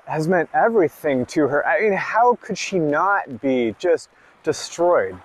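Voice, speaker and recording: Slow-speaking pastor, unhurried and reflective. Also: male voice, a little high. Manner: reflective, emphatic in bursts. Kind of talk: sermon and prayer. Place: online church service.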